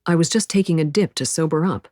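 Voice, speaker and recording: A calm, weathered man, unbothered even by freezing water, as a woman puts him on. He speaks in short, laconic lines with a low, dry voice. An audiobook figure with a steady temper. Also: fast, no echo.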